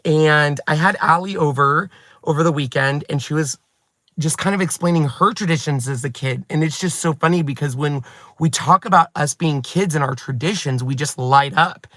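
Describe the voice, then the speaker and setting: A chatty man in his forties talks straight to his viewers, animated and self-mocking. His voice sits a little high and sounds bright and forceful. The recording is close and dry, with no room sound. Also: normal speed, no echo. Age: 40s. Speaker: craft YouTuber and host. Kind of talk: chatty vlog storytelling to viewers.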